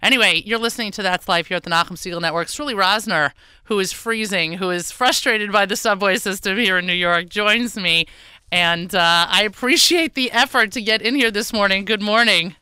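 A woman hosts a live radio talk show in a bright, sharp voice. She chats playfully, tosses off quick asides and laughs often. The sound is dry and close to the mic. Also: mid-range voice, clear, resonant tone, no room sound.

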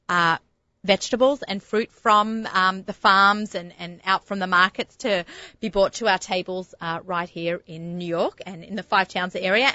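A woman's voice: mid-range voice, pushed and bright, no room sound, muffled recording. Chatty Australian woman radio host. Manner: chatty, laughing, gushing about food. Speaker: radio food show host. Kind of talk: casual radio chat and recipe segment. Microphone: studio microphone.

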